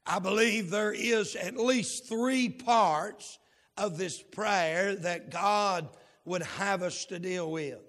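A man preaching in a church, his voice high and bright, ringing with a long hall echo. He speaks slowly and drawls his key words. Every so often he whoops or shouts for emphasis. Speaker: pastor. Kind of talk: sermon with opening prayer. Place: church sanctuary.

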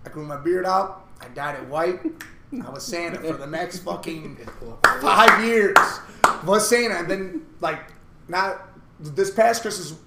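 Roomy-sounding high-voiced storytelling man. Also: measured pace, noisy background. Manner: animated, swearing, acts out quotes. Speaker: podcast co-host. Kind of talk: casual storytelling chat. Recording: roomy echo with faint ambience.

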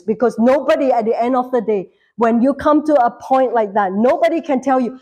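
A woman's voice: high-pitched, lively intonation, normal speed, mellow. A woman preaching a sermon in a church, fervent, repeating lines for emphasis.

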